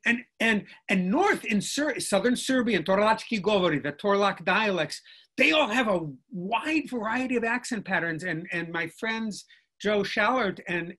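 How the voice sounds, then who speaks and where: Older man, professor, video call, lively rambling explanation, checks in with listener. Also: sits high, breathy edge. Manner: lively, discursive lecturer with frequent "right?" checks. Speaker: guest linguistics professor.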